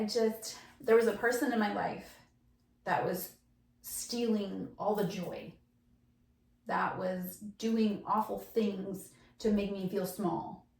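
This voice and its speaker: A woman's voice: medium pitch, darkish tone, distant mic. A woman hosts a casual faith conversation, opening up with candid, heartfelt stories. Her voice sits back from the microphone. The room around her is echoey. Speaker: podcast host.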